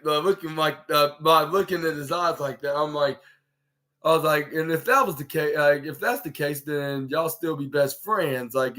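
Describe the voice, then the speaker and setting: Male podcast host, bright and slightly high voice, halting and rambling delivery full of fillers. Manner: rambling, halting, many fillers and restarts, acts out quotes. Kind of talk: casual wrestling recap.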